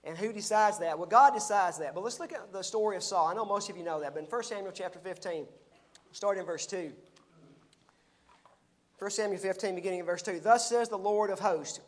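A man's voice: high-pitched, brisk. A male pastor preaching a sermon, reading scripture aloud and explaining it in a conversational way.

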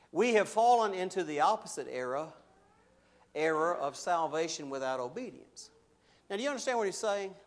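Man preaching a lively sermon. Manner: animated, rising loud when voicing objections, dropping low and slow for solemn points.

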